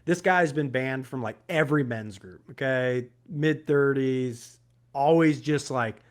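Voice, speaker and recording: A man's voice: mid-range voice, measured pace. A man co-hosting a podcast, telling a story in casual chat with lots of laughter. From Georgia, US. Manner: animated storytelling, laughs often. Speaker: podcast co-host.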